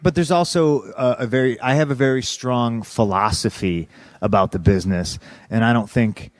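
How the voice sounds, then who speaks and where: An interview guest tells his story bluntly and candidly, swearing often and restarting his sentences. His voice is mid-range at a moderate pace, and the recording is dry.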